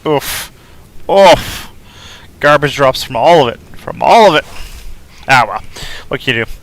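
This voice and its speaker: A man's voice: mid-range voice, animated, unhurried, a bit bright. A man in his thirties chatting casually on a game live stream, rambling loosely with lots of fillers and restarts.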